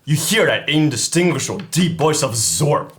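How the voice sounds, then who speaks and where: A man chatting as a tabletop player, expressive and easily exasperated. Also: a little high, normal speed, background noise. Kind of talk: casual tabletop chat.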